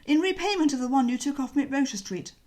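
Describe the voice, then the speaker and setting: A woman voicing a cheerful young gentleman, breezy and chatty, in a bouncy, slangy audiobook reading. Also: sits high, expressive, quick pace, pitched above the performer's own voice.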